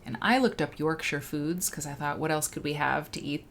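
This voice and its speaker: Low-voiced woman hosting a casual livestream. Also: moderate pace, fairly bright tone, a little hiss or hum. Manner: rambling, chatty, self-interrupting; greets viewers by name mid-sentence. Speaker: livestream host.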